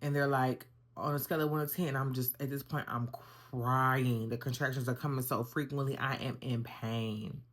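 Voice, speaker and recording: Low-voiced woman telling a story. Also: fairly quick, hardly any pauses. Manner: animated, conversational, addresses viewers as y'all. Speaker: vlogger. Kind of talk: casual storytelling.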